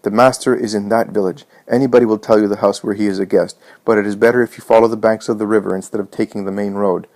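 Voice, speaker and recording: Brief: man voicing a worried mistress of the house, quiet and urgent, low-pitched. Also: steady tone, quick pace, few pauses, lightly acted. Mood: urgent hushed. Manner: hushed, urgent instructions. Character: Martha, anxious determined mistress of house.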